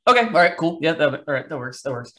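A man's voice: a little high, very animated, fast talker, bright, forceful tone. A man who is a podcast guest, chatting casually and rambling, with a self-deprecating streak and free swearing. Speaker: podcast guest, comic artist.

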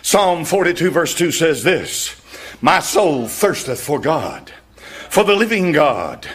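A man preaching a fiery sermon, reading scripture softly and then shouting, repeating words for emphasis. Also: fairly high pitch, big pitch swings, slow. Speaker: pastor.

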